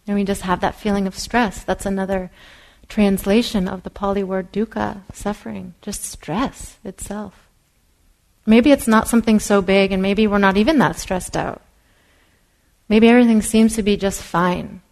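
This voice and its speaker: A woman meditation teacher giving a dharma talk in a soft, unhurried way, sometimes dropping to a whisper. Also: medium pitch, fairly even intonation, vocal fry, poor audio. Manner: soft-spoken, drops to a whisper at times.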